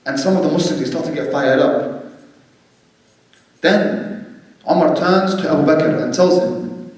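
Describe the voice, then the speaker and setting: A man giving a religious storytelling lecture, animated and acting out quoted speech, in a large hall. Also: fairly high pitch, unhurried, long pauses. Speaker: religious speaker. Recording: echoey hall, distant mic.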